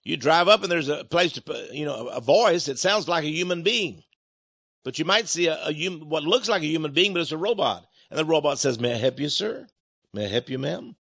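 A man's voice: a little high, animated, fairly quick, a bit bright, no echo. A man talking to his listeners in an emphatic, rambling monologue, now and then acting out other voices. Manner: emphatic, rambling, acts out robot and caller voices.

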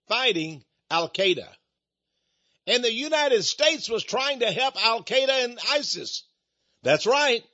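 An older man delivers a combative, sarcastic political rant and stumbles over repeated words. His voice is high and husky with a bright, tense edge, and the recording sounds dull and lo-fi. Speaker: political commentator. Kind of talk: opinionated political monologue.

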